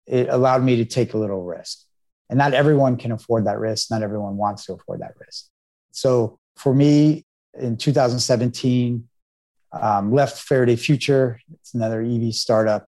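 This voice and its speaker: Middle-aged man, from the US, founder guest, earnest, medium-pitched voice. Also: warm tone. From United States. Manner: earnest, storytelling. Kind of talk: interview answers.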